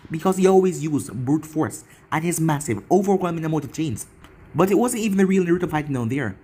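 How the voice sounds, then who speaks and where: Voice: medium pitch, a little mellow. A narrator reading an action fan fiction story in long run-on sentences. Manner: run-on storytelling with a casual aside to viewers.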